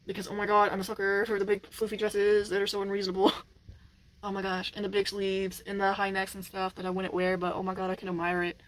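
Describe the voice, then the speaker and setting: A woman rambles through a casual vlog at home while working on a furniture project, sounding exasperated and laughing often. Her medium-pitched voice is delivered completely flat and fast, and the audio quality is poor.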